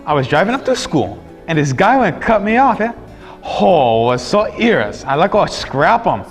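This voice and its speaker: A man voicing a gruff local testimonial speaker with a thick Hawaii Pidgin accent, in a distant echoing room. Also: high-pitched, big pitch swings, moderate pace, faint music behind, pitched below the performer's own voice. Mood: grumbling.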